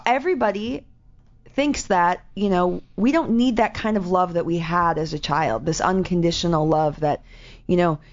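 A woman chatting casually in an animated, rambling way, often laughing as she talks. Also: fairly low pitch, normal speed. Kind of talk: casual chat. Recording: dull lo-fi sound.

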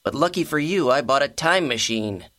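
A sarcastic cartoon fish stick with a bright, forceful edge. He keeps shooting down his friend's ideas in a flat, bossy way. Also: mid-range voice, moderate pace. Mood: exasperated. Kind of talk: cartoon voice acting.

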